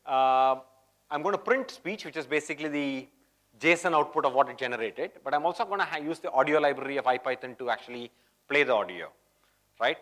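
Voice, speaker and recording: A man's voice: mid-range voice, expressive, brisk, a bit bright. A man presenting a live coding demo at a tech conference, chatty and always checking in with the audience. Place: conference hall.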